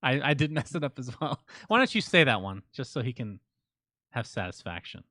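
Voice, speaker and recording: Man, podcast co-host, casual banter, deadpan teasing, mid pitch, dry close sound. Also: brisk, no room sound. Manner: reads listener names out as shout-outs.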